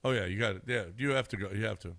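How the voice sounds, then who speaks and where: A middle-aged man in casual sports radio banter, rambling and repeating himself, quick to laugh. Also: lowish voice, fairly bright tone, dry recording. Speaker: radio show regular.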